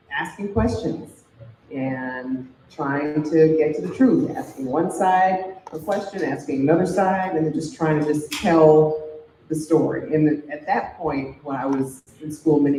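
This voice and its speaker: A woman's voice: deep voice, dark tone, a little hiss or hum. Middle-aged news anchor woman, thoughtful and chatty, recorded distant in a reverberant hall. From Chicago. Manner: conversational, thoughtful with many fillers. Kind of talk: fireside chat answering questions. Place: large hall event. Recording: roomy hall audio from afar.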